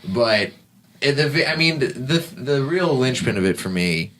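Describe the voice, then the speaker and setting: Sarcastic man with a bright, sharp voice. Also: mid-range voice, animated, measured pace. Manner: sarcastic, wry complaining. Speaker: podcast guest. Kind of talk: casual podcast chat.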